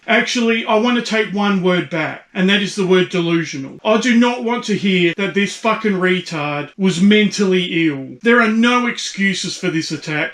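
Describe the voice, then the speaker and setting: Australian man, high voice, crude mocking rant, swears a lot, echoey room. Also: fairly bright tone. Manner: profane, blunt and mocking. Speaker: YouTube commentator.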